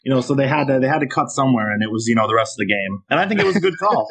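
A man's voice: mid-range voice, lively intonation, rapid-fire, vocal fry, a bit bright, slightly rough. A man co-hosting a gaming podcast in casual chat, rambling and chatty, laughing as he talks.

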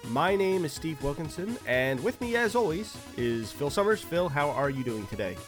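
A man hosting a casual podcast chat from home, relaxed and conversational, hedging his opinions. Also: fairly high pitch, normal speed, music in the background. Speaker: podcast host.

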